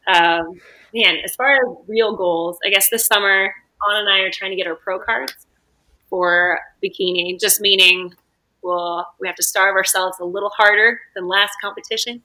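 A woman's voice: medium pitch, normal speed, rough recording. A young woman, a podcast guest, telling casual stories and acting out what people said. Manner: animated, acts out quoted dialogue. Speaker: guest, beach volleyball player.

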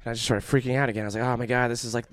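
A man's voice: medium pitch, little pitch movement, rapid-fire, a crowd in the background. A young man telling a long personal story in casual chat, profane and rambling, full of fillers.

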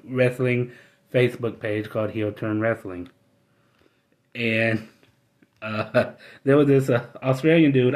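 A man hosting his own podcast alone, ranting bluntly and with a lot of swearing, and he gets worked up as he talks. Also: mid-range voice. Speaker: podcast host. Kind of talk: casual ranting monologue.

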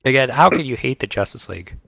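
Gravelly-voiced man chatting casually. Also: medium pitch, lively intonation, fast, bright, forceful tone, dry recording. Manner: chatty, enthusiastic fan banter. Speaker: podcast co-host. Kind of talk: casual chat.

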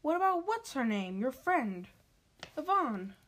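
A woman reading aloud and voicing a blustering, threatening middle-aged uncle who speaks slowly and emphatically. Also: high voice, sing-song, full character voice. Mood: flustered.

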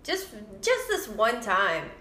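A woman's voice: a little high, huge pitch swings, sharp tone, roomy sound, slight background noise. A woman co-hosting a casual true-crime podcast, giggly and full of "like"s. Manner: giggly, says "like" a lot, quick reading. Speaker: podcast co-host.

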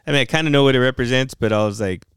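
A man's voice: medium pitch, rapid-fire, clear, resonant tone, no echo, studio quality. A man in his forties co-hosting a podcast, chatting casually, swearing a lot and laughing often. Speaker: podcast co-host. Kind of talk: casual profane chat.

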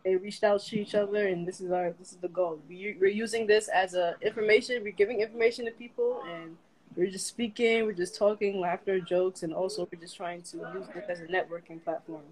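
A podcast co-host with a middle-pitched voice talks things through casually. The speech is plain, with frequent pauses and fillers. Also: steady tone, rough recording. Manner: plain, a little hesitant, many fillers. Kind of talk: casual chat.

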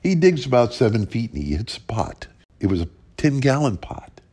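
A man telling an old ghost folk tale in a plain, unhurried folksy way, with lively rises in his voice. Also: mid-range voice, slightly rough. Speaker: storyteller.

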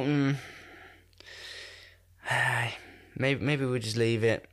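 Speaking very slowly with long pauses, a man in his twenties hosts a casual podcast chat in a mid-range, slightly bright voice. A cold leaves him nasal and congested, and he rambles, pokes fun at himself, and laughs a lot into a new podcast microphone.

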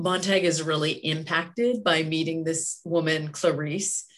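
A woman who is a book club regular, explaining her thoughts in a calm, considered way. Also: deep voice. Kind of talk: casual book club chat.

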